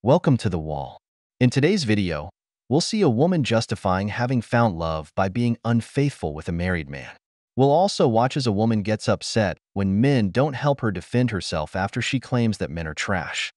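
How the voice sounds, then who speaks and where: A man's voice: on the low side, sing-song, moderate pace, a little mellow, no room sound, studio quality. A man hosting a commentary channel, reading scripted narration in a blunt, opinionated way. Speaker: channel host.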